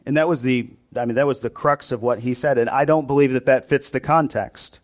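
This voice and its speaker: A man's voice: medium pitch, normal speed. A male pastor preaching a sermon to his congregation in a church, in a conversational style that often asks them questions.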